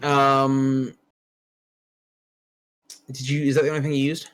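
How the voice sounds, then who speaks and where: A man's voice: mid-range voice, little pitch movement, slow, fairly bright tone, rough recording. A man running a tabletop game as game master, talking casually and bluntly and swearing freely.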